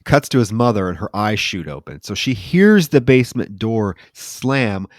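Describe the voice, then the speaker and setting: A man co-hosting a podcast, retelling movie scenes in an animated, casual way and swearing freely. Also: fairly low pitch, moderate pace, no room sound, studio quality. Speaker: podcast co-host.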